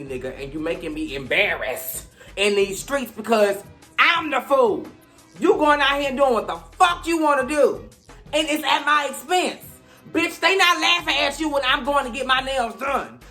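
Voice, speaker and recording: A man hosting a reality TV recap, sassy and profane, swinging between loud outbursts and low mutters. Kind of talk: casual recap rant.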